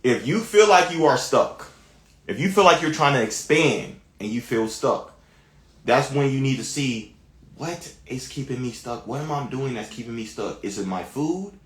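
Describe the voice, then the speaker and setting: A man's voice: medium pitch, lively intonation, normal speed, fairly bright tone, reverberant. A man hosting a live stream as a spiritual coach, giving earnest, encouraging advice in a casual way.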